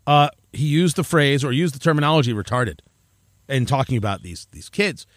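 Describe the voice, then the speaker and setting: A man delivering a rambling, animated opinion monologue, often interrupting himself. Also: medium pitch, a little fast, no echo, clean studio sound. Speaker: commentator.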